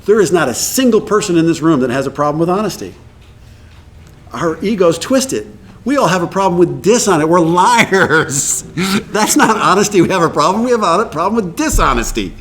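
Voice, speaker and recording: Man, Texan accent, middle-aged, recovery meeting speaker, lively, acts out quotes. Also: sits high, normal speed, slight background noise. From Texas. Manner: animated, acts out quoted voices.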